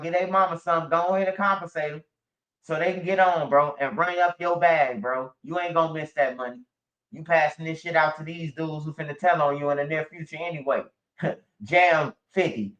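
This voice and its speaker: A man's voice: on the high side, fairly bright tone. Rambling, profane man. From Chicago. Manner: rambling, profane, repeats bro and man, laughs often. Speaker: livestream commentator. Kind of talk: casual livestream rant. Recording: muffled lo-fi stream audio.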